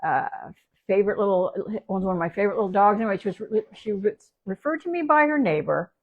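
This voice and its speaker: A woman's voice: mid-range voice, expressive, fast, narrow, tinny audio. A woman dog trainer from Canada chats through a live stream from her home. She rambles, restarts her sentences and leans on fillers as she tells a story. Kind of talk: casual livestream talk.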